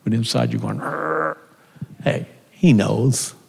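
A man's voice: medium pitch, a little slow, vocal fry, a little mellow. A middle-aged man, a minister, speaking at a seminar in a fervent, rambling way full of asides and restarts. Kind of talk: seminar talk from a stage. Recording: echoey hall.

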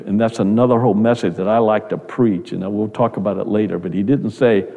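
A man's voice: fairly low pitch, moderate pace, gravelly, warm tone, big-room sound. A man preaching a sermon in an earnest, conversational way, often repeating words as he goes.

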